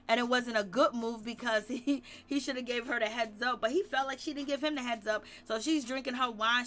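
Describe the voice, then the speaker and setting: A woman recaps reality TV in casual commentary, gossipy and quick to laugh. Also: on the high side, sharp tone.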